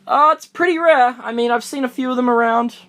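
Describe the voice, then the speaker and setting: A young man from Australia chatting excitedly through a live Q&A stream, recorded on his phone in a room of books. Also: extremely high pitch, fairly quick. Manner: chatty, excitable, answers comments on the fly. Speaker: fan vlogger. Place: room full of books, indoors.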